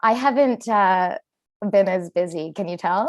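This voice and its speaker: A woman doing a self-deprecating stand-up comedy set with animated punchlines. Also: medium pitch, normal speed.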